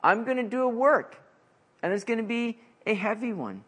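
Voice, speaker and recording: A man voicing God as a calm, firm male figure, speaking lower and in a measured way. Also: full character voice.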